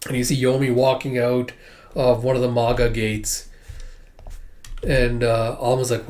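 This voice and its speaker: A man's voice: mid-range voice, flat delivery, measured pace, pauses often, darkish tone. A man hosting a manga reaction video, rambling casually and swearing often.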